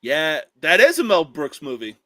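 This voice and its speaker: A man in casual podcast chat explains his choice earnestly. His voice sits a little high. He laughs easily as he talks. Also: huge pitch swings, moderate pace, a bit bright. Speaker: podcast co-host.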